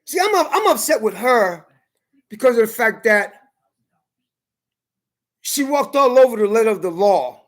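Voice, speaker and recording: A man's voice: extremely high pitch, very animated, normal speed, pauses often. A man ranting defiantly on video, hammering his points with emphatic repetition. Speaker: vlogger. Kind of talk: angry video rant.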